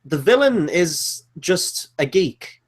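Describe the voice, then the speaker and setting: A man with a fairly high voice co-hosting a film review podcast. He talks casually and at length, rambling from point to point. His tone is animated and sarcastic. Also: slow pace, breathy edge. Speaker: podcast co-host.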